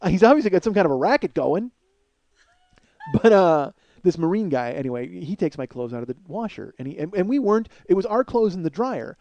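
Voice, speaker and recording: Man, middle-aged, comedy podcast host, high-pitched, lively, profane ranting storyteller. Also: fairly quick, no room sound, lo-fi sound.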